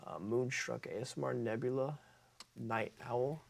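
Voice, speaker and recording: A man's voice: mid-range voice, a little slow, creaky. A man who makes ASMR videos, talking casually to camera and often stopping to correct himself as he reads through a list. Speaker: ASMR creator.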